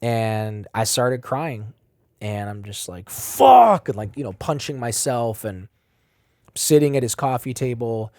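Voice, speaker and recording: A man as a podcast guest, telling a personal story with blunt, profane language and big swings in loudness. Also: medium pitch, a little slow, dry recording, clean studio sound. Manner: animated, swings between loud and quiet.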